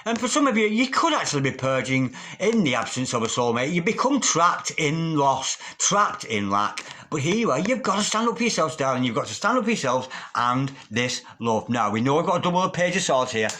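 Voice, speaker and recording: A man's voice: on the high side, big pitch swings, a little fast, hardly any pauses, bright, forceful tone. A man giving a tarot reading in a theatrical, sing-song manner, calling the listener darling. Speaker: tarot reader.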